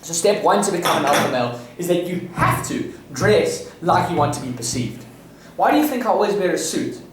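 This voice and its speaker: A man from South Africa delivers rambling, boastful self-improvement advice, full of restarts and confident asides. His voice sits a little high for a man. He is heard from some distance in a very echoey room, with faint ambience underneath. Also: sing-song, fairly quick, background noise. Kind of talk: casual advice monologue.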